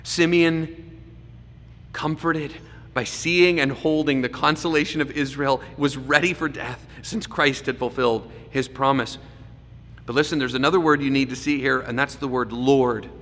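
A man's voice: mid-range voice, steady tone, normal speed. Man preaching in an echoey hall. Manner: dynamic preaching, swings from loud emphasis to hushed asides. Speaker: pastor. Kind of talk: sermon. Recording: echoey hall with faint background noise.

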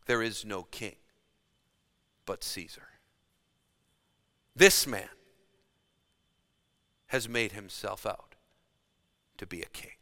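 Bright-voiced male preacher in a reverberant hall. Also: on the low side, takes it slowly, long pauses. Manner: dramatic, shifts between loud emphasis and hushed delivery. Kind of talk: sermon. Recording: long reverb of a large hall.

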